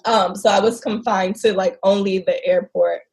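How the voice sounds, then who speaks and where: A woman guest in a casual interview, telling travel stories in an animated, expressive way and laughing often. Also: medium pitch, normal speed, creaky.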